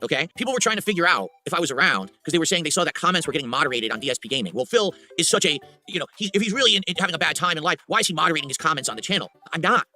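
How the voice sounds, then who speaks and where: Fast-talking bright-voiced streamer man. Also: expressive, faint music behind. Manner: defiant, taunting, drops to a low mutter. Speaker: livestreamer. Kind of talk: rambling stream monologue to chat.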